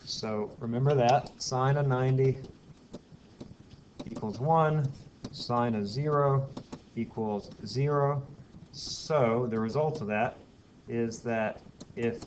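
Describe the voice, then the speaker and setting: A man's voice: mid-range voice, slow pace, pauses often, a little mellow. A man giving a physics lecture in a classroom, explaining step by step, putting questions to the class and telling the odd aside. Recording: dull lo-fi classroom recording with faint hiss.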